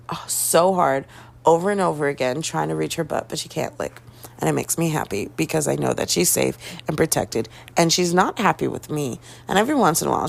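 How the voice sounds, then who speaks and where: A woman vlogger telling a casual story, acting out the quoted dialogue and playing up her own panic in a dramatic, self-mocking way. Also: creaky. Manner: animated storytelling, acting out quoted dialogue with big pitch jumps.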